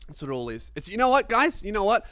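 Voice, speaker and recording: A young man hosting a comedy podcast, ranting in an animated, profane, self-mocking monologue. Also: high voice, fast talker, no echo.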